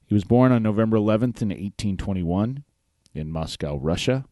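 A man with a very low, deep voice hosts a podcast in a loose, easygoing way. He rambles, restarts his sentences and leans on fillers. The sound is close and dry. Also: expressive, normal speed, warm tone, dry recording. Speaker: podcast host. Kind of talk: casual talk-show chat.

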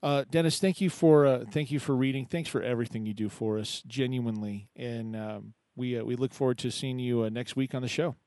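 A man hosts a live poetry open mic in a chatty, halting way, stopping and restarting his sentences. His voice sits at an ordinary pitch and is recorded close and dry. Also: darkish tone, dry recording. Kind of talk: casual live show hosting.

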